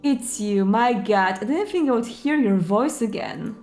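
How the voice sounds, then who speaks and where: A woman voicing a fragile young woman speaking through a crackling intercom, shaky and close to tears, with a high voice. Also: lively intonation, a little slow, darkish tone, faint music behind. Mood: wistful. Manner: shaky, tearful, wistful.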